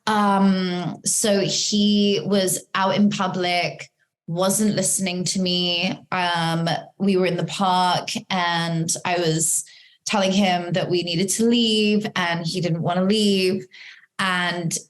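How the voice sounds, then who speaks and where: A young woman hosting an interview, chatting casually and telling a story in an animated way with lots of "um" and "like". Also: on the low side, slow. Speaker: host.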